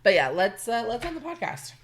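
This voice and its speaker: A woman co-hosting a podcast, chatting in an animated, joking way and quick to laugh. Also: fairly high pitch. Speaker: podcast co-host. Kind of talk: casual chat.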